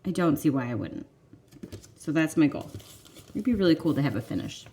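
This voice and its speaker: Chatty enthusiastic woman with mellow voice. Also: deep voice, expressive, brisk, a little hiss or hum. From Detroit suburbs, USA. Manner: chatty and enthusiastic, laughs often. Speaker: vlogger, cross-stitch channel host. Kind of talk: casual chat to camera.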